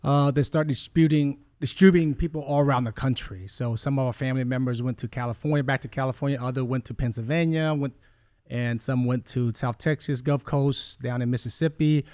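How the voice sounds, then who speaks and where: An earnest man in his forties tells a long personal story as a guest in a conversation. His voice sits at a middling pitch and sounds close and dry. He rambles and stops often to correct himself. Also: steady tone, brisk, a little mellow, dry recording. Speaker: podcast guest.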